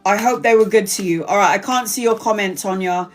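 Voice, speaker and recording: A woman's voice: mid-range voice, fairly quick, over music. A woman giving a live-stream tarot reading, chatty and blunt, swearing freely and calling viewers honey and sweetheart. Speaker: tarot reader.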